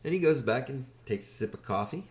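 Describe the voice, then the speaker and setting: A man hosts a podcast and tells a personal story in a loose, casual way. His pitch moves a lot as he talks, and he slips in wry asides along the way. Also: fairly quick. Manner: animated, wry anecdotal telling. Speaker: podcast host.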